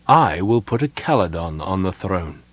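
A man voicing a cold, scheming elven wizard advisor in an audiobook, calm and self-assured. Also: low voice, moderate pace, no echo.

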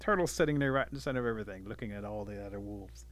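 A man telling a traditional folk tale out loud in an animated way, acting out the voices and sounds in the story. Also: on the low side, racing.

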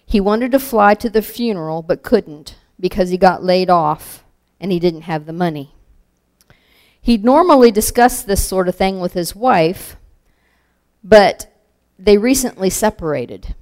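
Calm explaining gadget, read by a woman, smooth and slow. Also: mid-range voice, natural voice. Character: talking comic-strip gadget box.

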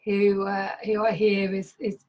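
A woman hosts a relaxed interview, playful and quick to tease her guest. Her voice is husky and a little breathy, and the audio sounds dull and lo-fi, like a remote call. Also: medium pitch. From Britain. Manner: friendly, playful, laughs easily. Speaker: interview host. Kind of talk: casual interview chat.

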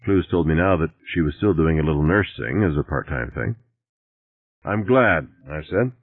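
A man's voice: a bass voice, brisk, breathy edge, no echo. A man reading a novel aloud in a dry, wry first-person voice. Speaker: audiobook narrator. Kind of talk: audiobook reading. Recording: tinny dry lo-fi recording.

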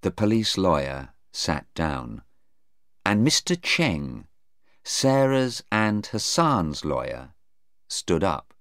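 A man narrating a graded-reader story in a slow, clear and careful way. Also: sits low, very animated, fairly bright tone, no room sound, studio quality.

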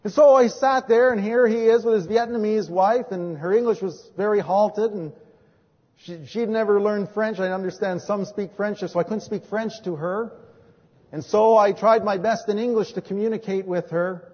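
A man preaching as a pastor, telling stories from his ministry and moving between hushed and emphatic delivery. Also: sits high, normal speed. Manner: storytelling, swings from hushed to emphatic. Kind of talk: sermon with personal testimony. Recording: dull recording in a reverberant hall.

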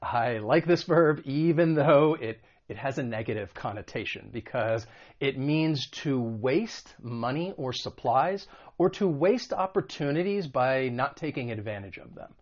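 A man from the United States teaching an online English vocabulary lesson, stressing example words slowly and carefully. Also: mid-range voice, animated, highs cut off.

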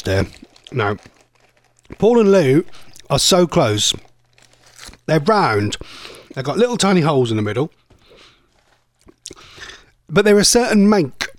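A man's voice: a little high, no echo. A man presenting a chatty live radio quiz, thinking aloud and sounding playfully exasperated. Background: music bed.

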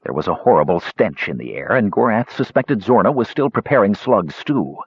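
A man narrating a story in an expressive, dramatic reading, in a slightly muffled recording. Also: lowish voice, normal speed, husky, dry recording.

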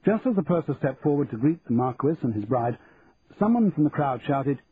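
A man reading an audiobook in an even, measured storytelling manner, over a tinny line with faint hiss. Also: fairly high pitch. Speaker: audiobook narrator. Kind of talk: scripted audiobook narration.

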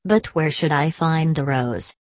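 A woman's voice: low-pitched, unhurried, darkish tone, dry recording, studio quality. A woman voicing a sad, pleading young princess. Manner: pleading, earnest.

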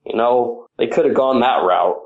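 A man ranting heatedly about games on a podcast, swearing constantly, his voice climbing high when angry. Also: normal speed, dull audio, crowd noise. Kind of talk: profane ranting gaming chat.

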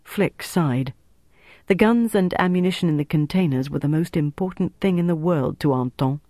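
A man narrating an audiobook with steady, measured storytelling. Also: fairly high pitch, no room sound.

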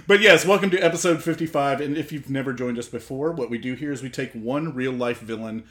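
A man's voice: medium pitch, brisk, fairly bright tone. A man co-hosting a podcast, correcting his friends and explaining the show in plain terms. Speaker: podcast co-host. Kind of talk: casual chat.

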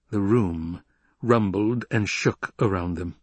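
A man narrating an audiobook in a steady, even storytelling manner. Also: deep voice, measured pace, breathy edge, no echo. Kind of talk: scripted narration.

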